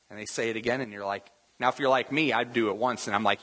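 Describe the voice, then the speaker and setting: Bright-voiced preaching man in a hall. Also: medium pitch, fast, hardly any pauses, slightly rough. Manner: conversational preaching with rhetorical questions and asides. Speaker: pastor. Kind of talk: sermon. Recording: reverberant hall.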